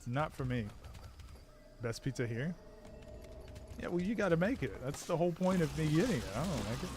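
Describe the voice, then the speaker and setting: A man's voice: a little high, expressive, normal speed, background noise. A man chatting casually while streaming a video game, rambling and self-deprecating. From Australia. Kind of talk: casual gaming stream chat.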